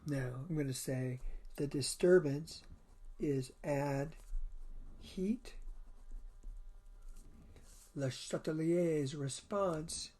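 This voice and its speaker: A man teaching a college chemistry lecture video, explaining step by step in short, measured phrases. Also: fairly high pitch, mellow.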